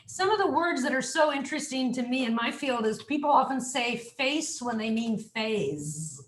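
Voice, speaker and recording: A woman speech coach speaks high-pitched at a moderate pace with hardly any pauses, some hiss or hum in the background of her echoey video call. In the coaching interview she animatedly explains pronunciation, sounding out words.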